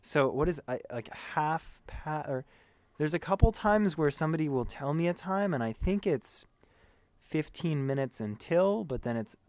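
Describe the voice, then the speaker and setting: An American man, a tour manager, chatting in an interview in an animated, joking way. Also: on the high side, moderate pace, no echo. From United States. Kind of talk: casual interview chat.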